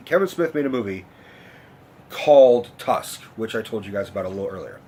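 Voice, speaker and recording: A man's voice: mid-range voice, husky. A young man telling a rambling personal story to his vlog audience, swearing freely and cutting himself off. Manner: rambling, profane, self-interrupting. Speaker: vlogger.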